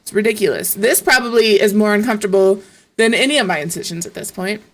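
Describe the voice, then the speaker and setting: A woman's voice: medium pitch, fast, fairly bright tone. A woman streamer in casual chat, telling stories in a profane, exasperated way.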